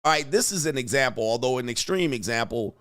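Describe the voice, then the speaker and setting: A man hosting a commentary vlog, talking in a profane, animated way and acting out quotes. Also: medium pitch, quick pace, clean tone. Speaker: host.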